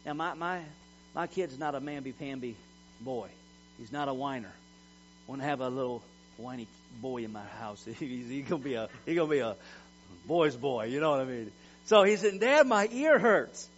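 A man's voice: medium pitch, moderate pace. A middle-aged man preaching a sermon in an emphatic, folksy way, repeating words as he tells personal stories. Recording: dull lo-fi recording with mains hum.

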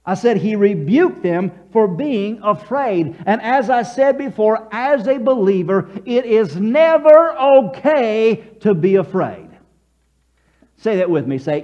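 Male pastor, high and very animated, storytelling sermon, muffled lo-fi recording. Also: unhurried.

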